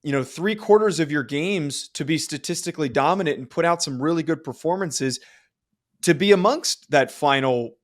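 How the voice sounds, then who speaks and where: A man co-hosting a sports podcast who lays out a counterargument step by step in casual debate. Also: fairly high pitch. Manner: measured, argues a counterpoint step by step. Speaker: podcast co-host.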